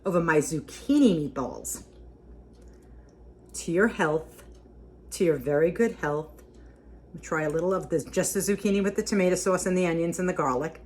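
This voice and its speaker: A woman with a lower-pitched voice chats through a casual home cooking vlog. She is talkative and homey, says things twice, and hums over each bite. A faint hiss sits under the recording. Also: darkish tone. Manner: homey and talkative, repeats herself, hums while tasting. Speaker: cooking vlogger.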